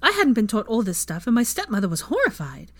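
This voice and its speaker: A woman doing a high, playful young witch. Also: wildly swooping pitch, quick pace, fairly bright tone, no echo, heavily acted.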